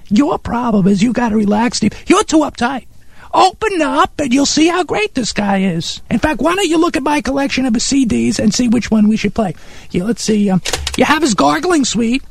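A man playing Harry, an eccentric, pompous character in a comedy radio sketch, excitable and condescending as he gushes over bizarre music. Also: very high-pitched, normal speed, gravelly, husky, dry recording, exaggerated voice. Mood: excited.

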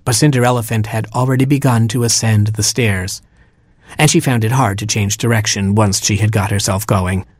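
A man narrating a storybook aloud in a playful, expressive way with wry asides. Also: lowish voice, normal speed, no room sound, clean studio sound.

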